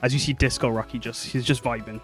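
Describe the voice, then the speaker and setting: A man's voice: medium pitch, fairly even intonation, fast, a bit bright, faint music behind, close to an everyday voice. A man doing a polite, secretive Rocky variant. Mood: discreet.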